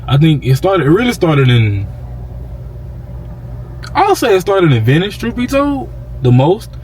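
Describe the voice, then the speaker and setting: A man's voice: a little high, huge pitch swings, a little slow, a little mellow, a little hiss or hum, rough recording. A man chatting casually in a laid-back way, telling a story on a partner's vlog. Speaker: vlogger's partner. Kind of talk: casual chat.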